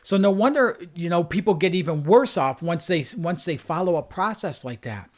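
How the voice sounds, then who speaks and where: A man's voice: high-pitched, expressive, normal speed, darkish tone. A man who works as a life coach, giving an earnest motivational talk on a livestream and driving points home with repeated phrases. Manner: earnest, repetitive emphatic phrasing.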